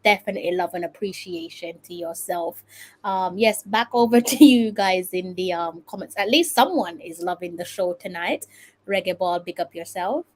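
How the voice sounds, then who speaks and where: A woman's voice: lowish voice, moderate pace, poor audio. A woman hosting a casual live-stream chat, giggly and friendly toward viewers. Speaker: host.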